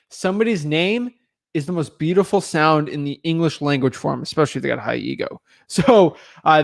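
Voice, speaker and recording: A young man giving a live, conversational sales training talk as a real estate wholesaling coach, energetic and repetitive. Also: fairly high pitch.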